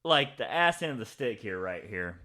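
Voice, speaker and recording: Bright, animated young man telling stories. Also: fairly low pitch, normal speed. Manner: animated storyteller, says "oh, dude" often, swears freely. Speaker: podcast co-host. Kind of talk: casual chat.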